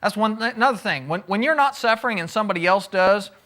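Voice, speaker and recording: A man's voice: high-pitched, expressive, fast talker, pushed and bright. A man preaching a sermon in a conversational way, asking his listeners questions and acting out quotes. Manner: conversational, asks the audience questions, acts out quotes. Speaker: pastor.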